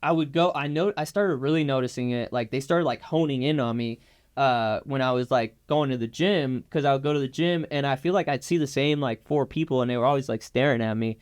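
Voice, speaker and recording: A man's voice: medium pitch, a little fast, clean tone. A young man in a casual interview, telling a story in a laid-back, slangy way with lots of fillers. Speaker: guest.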